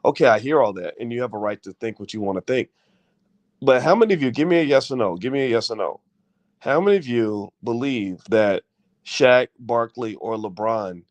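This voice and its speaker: Male commentary host, higher-pitched voice, heated and repetitive, dry booth-like sound. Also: no echo. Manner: passionate, repetitive, rhetorical questions to viewers. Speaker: channel host. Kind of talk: opinion commentary rant.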